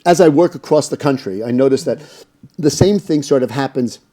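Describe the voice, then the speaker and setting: A middle-aged man from the United States tells stories as an interview guest, with a dark, mellow tone and a medium pitch. He rambles easily through his anecdotes, stacking up fillers and restarts. He slips into other people's lines as he quotes them. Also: brisk. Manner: anecdotal, lots of fillers, acts out quoted dialogue. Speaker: interview guest, cannabis business owner. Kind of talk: casual storytelling interview.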